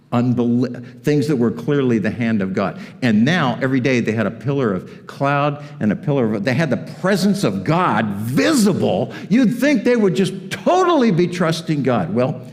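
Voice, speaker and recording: Animated male pastor in a reverberant church. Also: medium pitch. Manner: animated and conversational, joking asides. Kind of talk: sermon. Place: church auditorium. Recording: long reverb of a church hall.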